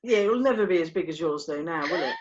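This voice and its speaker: Over a video call, a woman co-hosts a vocal group's update, chatting casually and teasing her partner. Her fairly low voice is animated and fast, and the lo-fi call audio sounds dull.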